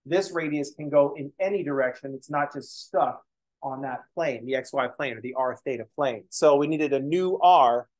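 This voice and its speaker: A man's voice: medium pitch, normal speed. A man teaching a math lesson in a casual lecture style, explaining as he writes and slipping in joking, self-deprecating asides. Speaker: math instructor.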